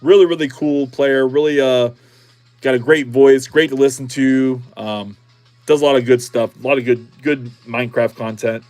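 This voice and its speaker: A man's voice: mid-range voice, steady tone, normal speed, darkish tone, faint music behind. A middle-aged man chatting casually on a livestream as he opens card packs, repeating himself and cheering on each card. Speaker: streamer opening card packs.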